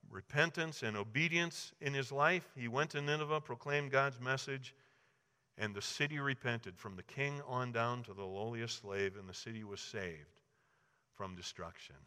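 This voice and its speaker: A man's voice: medium pitch, measured pace, pushed and bright, clean tone. A man preaching a sermon, telling Bible stories and acting out the quoted lines with rising emphasis. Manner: storytelling, acts out quoted voices with rising emphasis. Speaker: pastor. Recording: long hall reverb.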